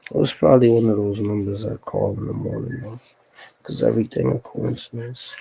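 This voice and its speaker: A man's voice: lowish voice, steady tone, brisk, creaky, warm tone, slight background noise, rough recording. A man talking to himself on a solo livestream, rambling and repeating his lines in a musing, conspiratorial way. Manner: repetitive, musing aloud, conspiratorial.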